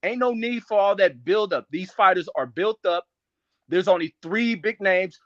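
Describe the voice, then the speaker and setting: A man's voice: high voice, normal speed, no echo, highs cut off. A man on a boxing panel speaking bluntly and profanely, impatient with hype. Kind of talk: casual boxing talk.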